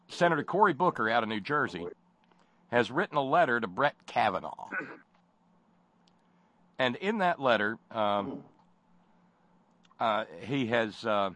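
A man hosting political talk radio, animated and profane, often stammering and restarting. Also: medium pitch, no echo. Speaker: radio talk show host.

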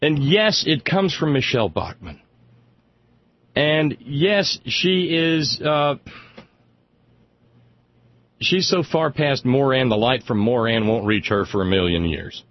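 A man's voice: medium pitch, animated, slow pace, long pauses, highs cut off. A man hosting a radio talk show, delivering sardonic, rambling political commentary and stumbling over repeated words as he gets worked up.

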